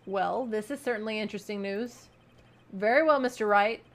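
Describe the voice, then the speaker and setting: A woman voicing an older male judge from a game, speaking slowly and formally. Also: mid-range voice, lightly acted. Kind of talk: reading game dialogue aloud.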